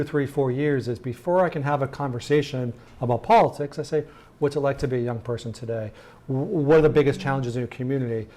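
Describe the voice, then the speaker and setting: A man's voice: medium pitch, a little mellow. A middle-aged man giving a conference talk and a TV interview as a guest speaker, conversational, with many fillers and rhetorical check-ins. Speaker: guest speaker, polling director.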